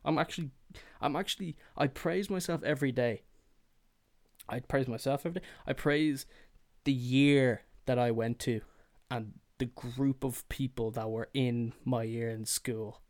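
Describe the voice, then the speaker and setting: A man of middle pitch rants alone on his podcast, swearing freely and getting worked up. He keeps slipping into whiny mocking voices to make his point. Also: a little slow, darkish tone. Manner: profane, heated, swears freely; slips into mocking whiny impressions. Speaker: podcast host. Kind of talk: solo ranting monologue.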